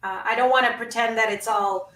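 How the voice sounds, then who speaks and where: A bright, high-voiced woman speaks as a guest in an inspirational conversation, building her points through rhythmic, emphatic repetition. Her audio sounds roomy and a little distant from the mic. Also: steady tone, brisk, a little hiss or hum. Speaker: guest, founder of a women's network.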